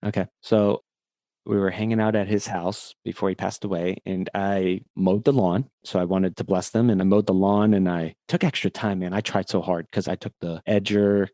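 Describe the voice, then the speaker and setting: A man in his forties, a podcast guest, telling a personal story in a candid, animated way and laughing at himself. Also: deep voice, normal speed, no room sound.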